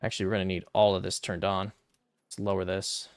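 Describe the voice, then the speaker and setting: A man's voice: low-pitched, little pitch movement, brisk, clean tone, dry recording, clean studio sound. A young man streaming a strategy game, casually thinking aloud through his moves and muttering calculations, now and then flaring into exasperated rants. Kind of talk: casual gameplay commentary.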